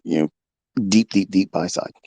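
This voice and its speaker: A middle-aged man, a trading mentor, talking unfiltered in a live audio room from his home basement, blunt and heavily profane, at times breaking into heated yelling. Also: low-pitched, normal speed, no room sound.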